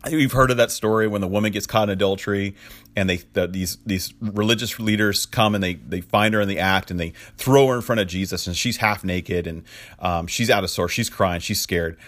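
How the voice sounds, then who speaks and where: Man giving a relaxed sermon, lowish voice, dry close sound, chatty and loose. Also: fairly quick, dry recording. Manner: casual, lots of fillers and restarts, chuckling asides. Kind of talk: conversational sermon teaching.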